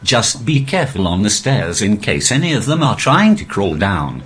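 A male stand-up comedian talking through a posh, robotic text-to-speech voice with a deadpan, even delivery. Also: lowish voice, moderate pace, background noise. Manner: deadpan, evenly paced delivery. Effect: synthetic text-to-speech voice. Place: live comedy venue.

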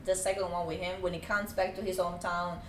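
A woman's voice: fairly low pitch, flat delivery, quick pace. A woman giving her opinions at length in a casual chat. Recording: roomy, distant mic, faint noise.

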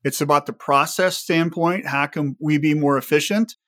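A man's voice: on the high side, steady tone, moderate pace, a bit bright. A man on a podcast panel, explaining shop sustainability and asking many rhetorical questions.

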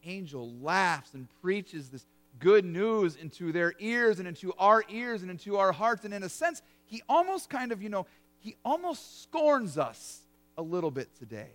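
High-voiced pastor preaching. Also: male voice, very animated, moderate pace, fairly bright tone. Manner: vivid storytelling, conversational. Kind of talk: sermon.

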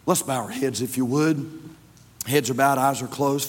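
A man, a pastor preaching a sermon in a church, swinging between loud fervor and hushed tones. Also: medium pitch, moderate pace, big-room sound. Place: church sanctuary.

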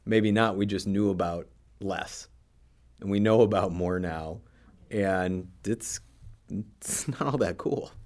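A man with a somewhat low voice co-hosts a casual podcast chat. He cracks jokes and laughs easily as he explains things. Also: slow, a little mellow. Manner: joking, laughs often. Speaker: podcast co-host.

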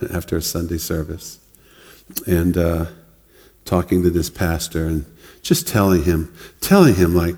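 A man preaching a sermon in a relaxed, conversational way, often laughing and acting out other people's words. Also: low voice. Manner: conversational, laughs often, acts out quoted voices. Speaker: pastor. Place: church hall. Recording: long reverb of a church hall.

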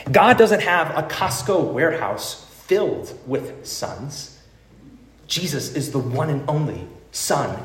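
A male pastor preaching a sermon, telling stories with wide swings between emphatic lines and hushed ones. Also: a little high, echoey room.

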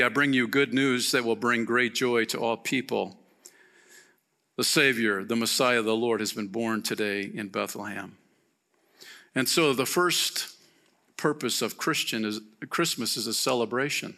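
Slow, bright-voiced man preaching. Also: mid-range voice. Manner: slow, emphatic preaching with rhetorical questions. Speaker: pastor. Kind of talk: sermon.

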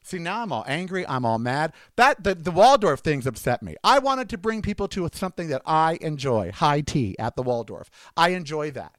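A man's voice: on the high side, big pitch swings, normal speed, few pauses, a bit bright, no echo. A man turning sixty, ranting indignantly and sarcastically in a monologue, repeating himself for emphasis. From United States. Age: 50s.

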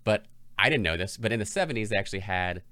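A man's voice: fairly low pitch, animated, fast talker, sharp tone, no room sound. A middle-aged man co-hosting a casual chat, telling stories and sharing facts with dry humor. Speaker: podcast co-host.

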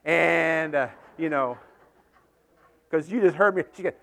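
A male pastor delivers a Sunday sermon in a high voice. He talks earnestly, circling back to repeat his points and rising into emphatic peaks before easing down again. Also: unhurried, creaky, long pauses, fairly bright tone. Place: church sanctuary with congregation.

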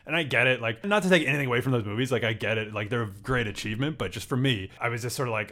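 A man's voice: medium pitch, lively intonation, quick pace, few pauses, a bit bright. A man co-hosting a casual film podcast, rambling with many restarts and fillers. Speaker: podcast co-host. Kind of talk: casual chat about films.

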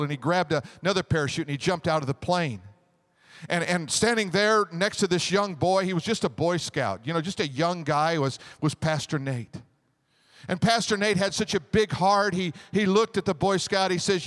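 A man preaching a sermon as pastor, animated, with a joke and call-and-response. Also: high-pitched, normal speed.

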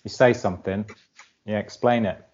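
A man with a fairly low voice co-hosts a podcast, delivering dry, wry quips. The sound is a bit dull and lo-fi. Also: steady tone, normal speed, a little mellow. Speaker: podcast co-host. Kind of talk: casual chat.

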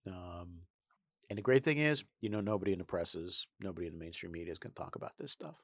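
A man co-hosting a casual political chat, wry and mocking, with many pauses and ums. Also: low-pitched, animated, no echo. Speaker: podcast co-host.

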